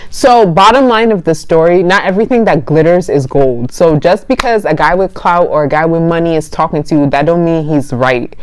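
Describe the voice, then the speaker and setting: A woman's voice: low voice, normal speed, few pauses, no echo. A young woman vlogger casually telling a dating story, chatty and laughing often as she acts out both sides of the conversation.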